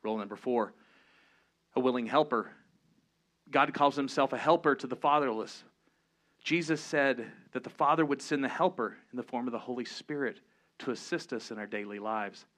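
A man preaching a sermon, earnest, switching between low emphatic points and lively storytelling. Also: normal speed. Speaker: pastor.

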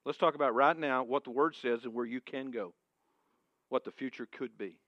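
A male pastor preaching a sermon to a congregation in a church room, emphatic and moving between booming and hushed. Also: moderate pace, no echo, lo-fi sound.

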